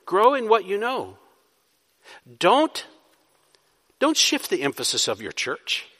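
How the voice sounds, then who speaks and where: A pastor preaches a sermon in a church sanctuary, posing rhetorical questions and building to emphatic bursts. His voice is high and fairly bright, and the recording carries a long hall reverb.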